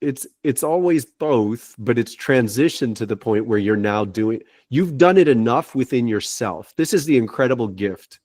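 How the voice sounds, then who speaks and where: Halting, reassuring man on a video call. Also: medium pitch, expressive, darkish tone, no echo, clean studio sound. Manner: reassuring, halting with frequent restarts. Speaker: spiritual guide giving readings. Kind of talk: gentle spiritual counseling over a video call.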